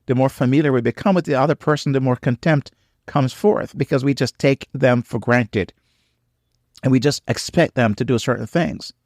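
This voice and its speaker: A man's voice: medium pitch, darkish tone, dry recording, clean studio sound. A married man giving faith-based marriage teaching in an earnest, repetitive way, full of "um" and "you know", with preacher-like emphasis on key phrases. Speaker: podcast co-host on marriage.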